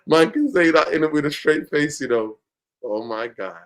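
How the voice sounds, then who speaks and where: A man in casual football chat, blunt and animated, bursting into loud exclamations. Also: fairly high pitch, moderate pace. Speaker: football podcast host.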